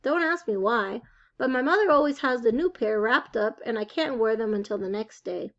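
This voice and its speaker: A woman reading a children's novel aloud with expressive storytelling. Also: a little high, moderate pace, dull audio. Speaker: reader.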